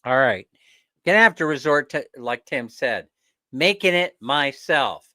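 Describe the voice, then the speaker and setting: A man hosting a casual livestream chat, ranting with animated energy and laughing often. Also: mid-range voice, a little slow, no room sound, studio quality. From not from the Philippines. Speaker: livestream host.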